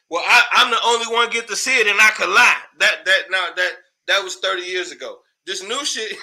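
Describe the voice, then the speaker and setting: A man's voice: very high-pitched, sharp tone. A man hosting a casual commentary show, ranting in a loose, profane way, laughing often and repeating words when worked up.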